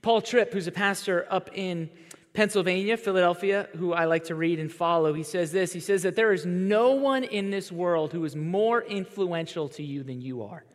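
A man in his thirties delivers a sermon in a conversational, animated style, slipping into quoted voices as he tells his stories. His voice sits fairly high for a man. The sound carries the long reverb of a large church hall. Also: normal speed. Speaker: pastor.

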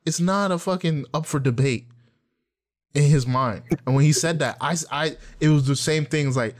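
A man's voice: fairly high pitch, normal speed. A man co-hosting a casual podcast chat, telling stories animatedly, acting out quotes and swearing freely. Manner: animated storytelling, acts out quotes, profane. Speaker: podcast co-host.

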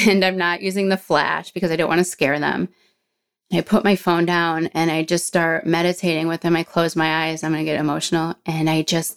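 Brief: female interview guest, lower register, animated storyteller who acts out dialogue and slows when moved. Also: vocal fry.

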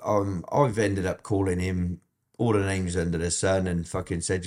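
A man's voice: low-pitched, steady tone, moderate pace, darkish tone. A man telling his story in a candid interview, blunt and full of swearing, often restarting his sentences. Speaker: interview guest.

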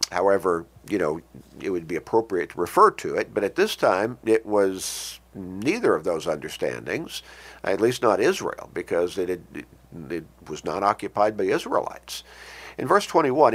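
A man preaching a sermon, reading scripture with emphasis and explaining it in a measured, pausing way. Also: lowish voice, very animated, vocal fry, fairly bright tone, husky. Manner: emphatic, rising on scripture quotes, pausing and restarting.

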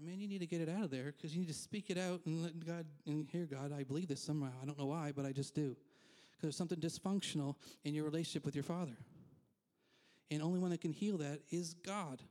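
Candid, higher-voiced male pastor preaching. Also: a little fast, darkish tone. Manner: candid, self-deprecating, frequent asides. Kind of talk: conversational sermon.

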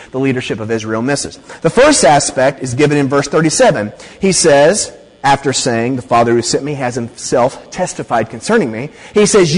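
A man preaching a sermon in a conversational, emphatic way, often checking in with "okay?". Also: on the high side. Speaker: pastor. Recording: long hall reverb.

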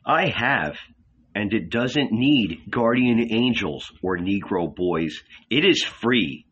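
Casting: man playing a compassionate prophet, measured and husky, with a lively pitch. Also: dull audio, full character voice. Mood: calm. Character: calm, gentle male prophet.

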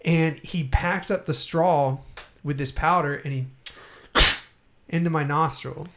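A man's voice: a little high, fairly even intonation, takes it slowly, very noisy. A man telling a long personal story in casual podcast chat, rambling and laughing often.

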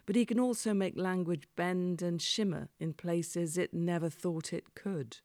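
Gravelly male documentary narrator. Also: sits high, steady tone, unhurried, a little mellow, no room sound. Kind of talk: scripted voice-over narration.

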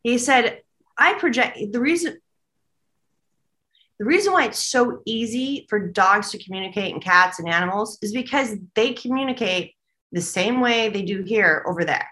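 A woman's voice: mid-range voice, expressive, normal speed, sharp tone. A woman co-hosting a casual spiritual chat, relaying messages she hears and laughing often. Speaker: co-host and medium.

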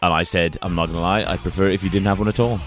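A man in his thirties co-hosting a podcast in casual banter, dry and teasing, and he jumps up in pitch when he jokes. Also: fairly even intonation, very fast, faint music behind. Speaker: podcast co-host.

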